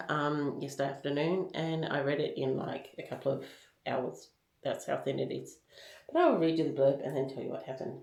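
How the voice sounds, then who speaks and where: A woman with a low voice chats through a casual book review, candid and full of ums and likes. Her voice is recorded in a roomy, echoing space. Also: creaky, mellow.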